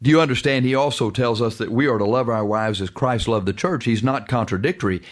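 Emphatic male preacher. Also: mid-range voice. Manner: emphatic, drawn-out preaching with sudden fast stretches; reads scripture in old-fashioned wording. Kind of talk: radio sermon with scripture reading.

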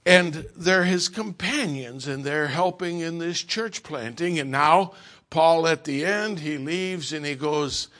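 A man preaching a sermon in a bright, forceful voice that sits a little high. He tells stories in an emphatic, folksy way and drives each point home. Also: slow. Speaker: pastor.

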